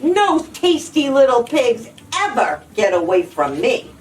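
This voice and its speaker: A woman's voice: fairly high pitch, sing-song, measured pace, soft background music. A woman voicing a hungry, boastful big bad wolf who bellows his lines in a storybook reading, recorded from a distance. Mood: gloating. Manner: bellowing, loud.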